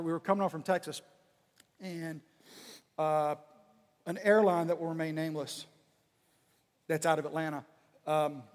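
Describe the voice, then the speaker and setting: High-voiced man telling stories in a hall. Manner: animated, acts out dialogue. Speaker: speaker. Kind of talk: humorous storytelling talk. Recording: reverberant hall.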